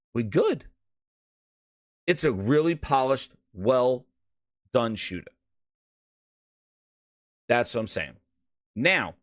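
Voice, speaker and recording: A man with a New York accent, hosting a casual gaming show, with hype-man shouting and loose, rambling talk that repeats itself. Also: fairly high pitch, dry recording, studio quality. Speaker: podcast host.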